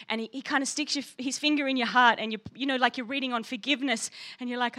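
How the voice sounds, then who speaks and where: A woman pastor preaching a passionate, animated sermon, often putting questions to the congregation and acting out quoted voices. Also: on the high side, fast, few pauses. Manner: teacherly, acts out little voices for quoted people.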